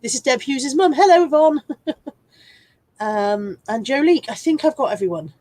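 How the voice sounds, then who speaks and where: A woman's voice: a little high, lively intonation, normal speed, darkish tone, no room sound. A woman hosting a casual live stream while full of a cold, chatting, rambling and poking fun at herself as she greets viewers by name. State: congested with a cold, coughing.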